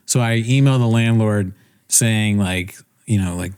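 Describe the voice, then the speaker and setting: A man's voice: on the low side, steady tone, a little fast, darkish tone, clear, resonant tone. Rambling young man telling a story. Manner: rambling, self-interrupting, laughs often. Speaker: podcast co-host. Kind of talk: casual storytelling chat.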